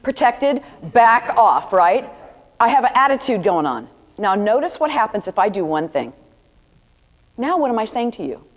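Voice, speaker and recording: Her voice is on the high side and swings widely in pitch, moving at a moderate pace. She is a photography instructor teaching a workshop to a live audience in a large room, chatty and direct as she demonstrates for students. The audio echoes like a hall, with faint background noise.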